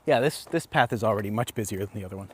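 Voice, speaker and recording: A man's voice: on the low side, animated, rapid-fire, slight background noise. A man hosting a casual livestream on a wooded trail, chatting and joking as he walks, holding a phone. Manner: joking, chatty, laughs often. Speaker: livestream host. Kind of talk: casual chat while walking. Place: outdoor forest trail. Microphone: handheld phone.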